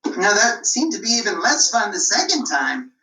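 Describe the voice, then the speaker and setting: A woman's voice: mid-range voice, big pitch swings, normal speed, roomy sound, recorded from a distance, low-quality recording. A woman voicing a bored, mischievous shepherd boy who pranks the village, teasing and whiny, in a puppet show. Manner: whiny and teasing, loud shouting cries.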